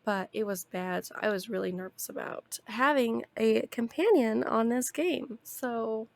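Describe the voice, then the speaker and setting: A woman's voice: a little high, a little slow, gravelly, few pauses. A young woman streaming a video game, chatting casually in a rambling way and laughing often.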